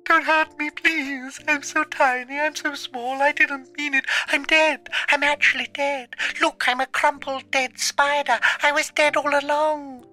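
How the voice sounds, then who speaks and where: A whimpering terrified tiny spider. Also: male voice, very high-pitched, level tone, a little slow, few pauses, sharp tone, soft background music, pitched above the performer's own voice, heavily acted. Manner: whimpering, pleading.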